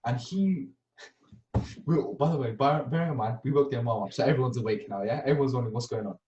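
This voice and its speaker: Animated young man, distant roomy mic. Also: mid-range voice, quick pace, highs cut off. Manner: animated, acts out scenes, tags lines with "yeah?". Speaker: podcast co-host. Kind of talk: casual storytelling.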